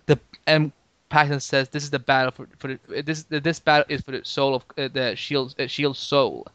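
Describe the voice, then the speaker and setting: A man hosting a podcast in casual chat, talking in halting bursts with lots of restarts and fillers. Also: mid-range voice, steady tone, a bit bright, clean tone, no echo. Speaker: podcast host.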